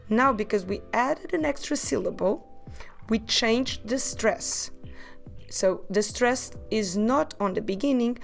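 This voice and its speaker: Woman teaching a podcast lesson, slow careful drills, bit of vocal fry, soft music behind. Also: medium pitch. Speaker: language teacher.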